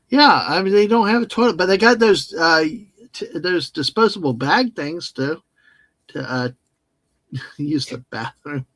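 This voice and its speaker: A man co-hosting a live stream, making jokey, animated asides in casual chat. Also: a little high, unhurried, pauses often, no echo. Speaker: co-host.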